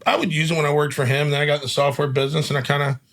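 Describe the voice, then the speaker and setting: A man's voice: on the high side, flat delivery, rapid-fire, gravelly, fairly bright tone. A man hosting a casual chat, telling stories in an upbeat, chatty way and often asking "you know what I mean.". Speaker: podcast host.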